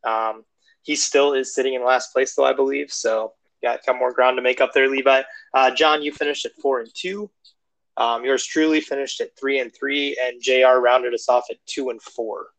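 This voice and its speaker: Relaxed guy breaking down football, jokey, recorded on his phone, dry sound. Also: mid-range voice, moderate pace, creaky, no room sound, rough recording. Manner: relaxed, joking, analytical. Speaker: podcast co-host. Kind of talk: casual sports chat.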